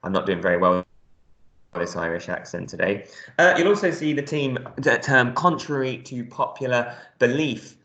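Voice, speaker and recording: A male primary school teacher gives a recorded reading lesson, explaining words step by step in a friendly way with lots of ums. His medium-pitched voice is expressive and a bit bright, at a moderate pace. The recording sounds roomy.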